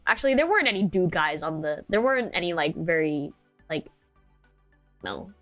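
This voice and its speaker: A woman's voice: fairly low pitch, sing-song, normal speed, fairly bright tone, faint music behind. A young woman streaming as a VTuber, telling stories in casual chat, rambling with lots of filler words and giggles.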